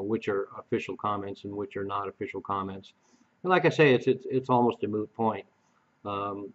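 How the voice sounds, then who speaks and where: A man's voice: lowish voice, muffled recording. A man giving a blunt, dismissive political commentary in a casual monologue, hesitant with many fillers and repeated words.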